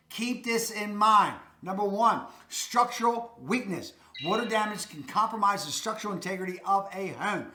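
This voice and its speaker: A real estate video host with a Baltimore accent addresses viewers directly, offering emphatic, folksy guidance and saying "that's a fact" again and again. He has a high, sharp voice, recorded in an echoey room.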